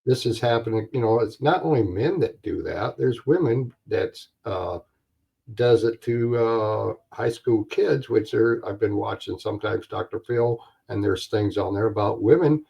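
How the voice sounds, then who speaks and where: Gravelly, husky male host, plain-spoken, dull lo-fi audio. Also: lowish voice, dark tone. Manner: plain-spoken, halting, with fillers. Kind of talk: casual interview chat.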